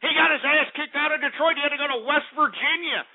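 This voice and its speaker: A man's voice: very high-pitched, fast talker. A man hosting a call-in radio show, ranting angrily and profanely, repeating himself. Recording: tinny phone-like audio.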